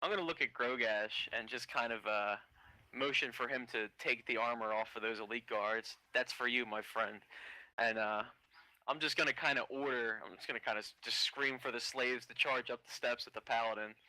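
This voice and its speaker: A man at a tabletop game who talks in a brash, excitable way. He swears constantly and jumps in eagerly between the other players. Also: mid-range voice, brisk, no echo, low-quality recording. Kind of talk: casual tabletop game chat.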